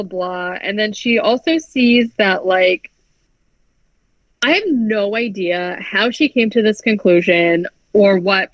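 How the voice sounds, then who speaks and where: A woman's voice: medium pitch, dry recording. A woman on a podcast runs through a film's plot in loose, rambling chat, full of "like" and swearing. Her mid-range voice is heard dry and close, with no room around it. The audio is slightly dull and lo-fi. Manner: chatty, heavy "like" filler, frequent swearing. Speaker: podcast co-host. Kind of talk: casual movie recap chat.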